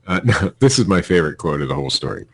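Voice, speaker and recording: Deep-voiced blunt man on a podcast. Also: expressive, fast talker, vocal fry, fairly bright tone, slightly rough, no room sound. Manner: blunt, profane, reads stories aloud with sarcastic asides. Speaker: podcast host reading news stories. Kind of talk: casual podcast chat.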